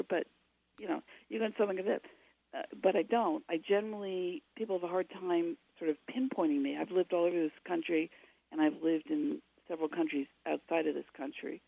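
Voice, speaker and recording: Gravelly woman on a dull phone line. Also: fairly low pitch, steady tone, a little fast, dry recording. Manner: chatty, many fillers and restarts. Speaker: guest author. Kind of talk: casual radio interview. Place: at home.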